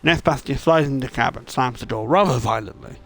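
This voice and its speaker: A man's voice: mid-range voice, brisk, gravelly. A man streaming a game, reading its narration aloud and making wry, casual remarks.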